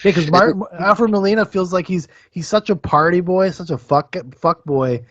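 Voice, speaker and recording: A man's voice: sits high, moderate pace, no room sound, lo-fi sound. A male podcast co-host chatting about films in an enthusiastic, rambling, profane way. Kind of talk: casual film review chat.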